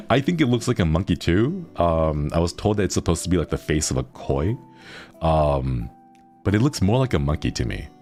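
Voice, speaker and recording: A man's voice: sits low, big pitch swings, normal speed, pauses often, a little mellow, faint music behind. A man streaming casual chat with viewers, playful and rambling, often laughing.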